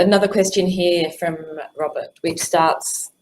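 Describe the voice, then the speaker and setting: Female moderator, low voice, friendly and filler-heavy, on a video call. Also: unhurried, poor audio. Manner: friendly, filler-heavy, reads questions aloud. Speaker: session moderator. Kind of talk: reading audience questions.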